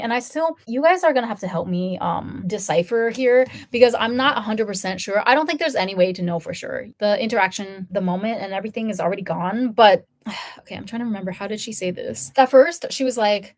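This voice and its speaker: A woman's voice: mid-range voice, a little mellow. A woman in her thirties telling a story to her viewers in a chatty, casual way, full of "like" and acted-out quotes. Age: 30s. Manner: chatty, lots of "like", acts out quoted voices. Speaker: vlogger.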